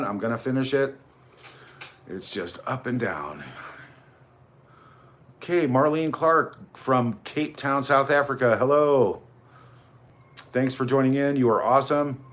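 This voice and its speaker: A man's voice: medium pitch, a bit bright. A man hosting a casual livestream, rambling and greeting viewers by name as he reads out their comments. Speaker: livestream host.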